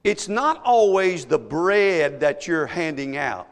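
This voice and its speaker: A man's voice: a little high, sing-song, slow pace, long reverb tail. A man preaching a sermon as pastor, driving his points home with rhetorical questions.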